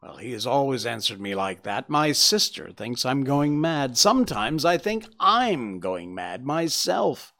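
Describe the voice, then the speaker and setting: A man's voice: mid-range voice, sing-song, measured pace, creaky, hardly any pauses, pushed and bright, heavily acted. A man playing a desperate, frightened man confessing how he stole, in an audiobook reading. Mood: anxious. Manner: agitated, pleading storytelling.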